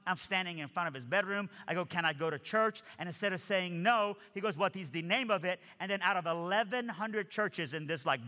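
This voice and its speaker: Man, fairly high bright voice, animated storyteller, reverberant hall. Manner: animated storyteller acting out dialogue. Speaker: speaker giving his testimony. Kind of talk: storytelling testimony.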